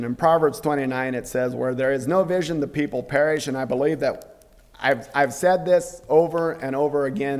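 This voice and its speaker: Guy giving a homey sermon, earnest, keeps clearing his throat, big echoey hall. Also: fairly high pitch, a little mellow. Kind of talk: devotional sermon. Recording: long reverb of a hall.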